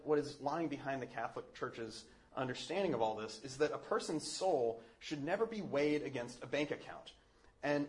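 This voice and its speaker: A Catholic man giving a casual teaching talk. He speaks in a thoughtful, earnest way, with many "um"s and restarts. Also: a little high.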